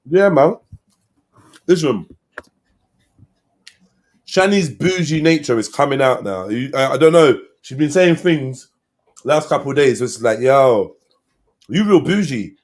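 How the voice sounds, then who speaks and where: A man, hosting a live stream and chatting casually with slang and shout-outs to viewers. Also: mid-range voice, lively intonation, measured pace, long pauses. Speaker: livestream host.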